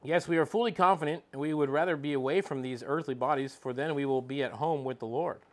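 A man's voice: a little high, quick pace. A man giving an informal Bible teaching, reading scripture aloud and searching for verses as he talks. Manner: conversational, reads scripture aloud and looks up verses mid-talk.

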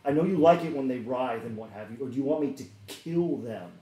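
A man's voice: mid-range voice, lively intonation, a little fast, mellow, echoey room, far from the mic, lightly acted. A man putting on a doting, sinister drow woman. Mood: gleeful menace. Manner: doting, overly sweet, calls people dear. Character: sweetly sinister drow woman who feeds children candy.

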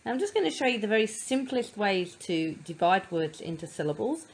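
Woman tutor, patient phonics lesson, sounds out syllables, mid-pitched voice. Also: sing-song, breathy edge, poor audio. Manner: patient, sounds words out slowly.

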